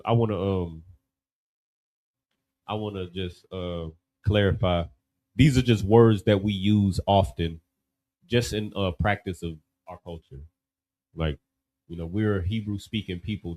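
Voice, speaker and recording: A man leads a relaxed class. His voice sits fairly low. He talks loosely and keeps checking in with his listeners. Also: moderate pace, poor audio. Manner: loose and conversational, many "you know what I mean" asides. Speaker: class teacher. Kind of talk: casual classroom teaching.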